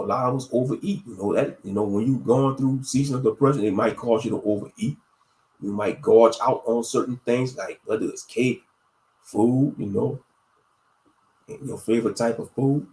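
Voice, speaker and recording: Male livestream host, rambling preachy delivery, mid-pitched voice, echoey room. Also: moderate pace, a little mellow. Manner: preachy, meandering, many fillers. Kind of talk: casual religious livestream talk.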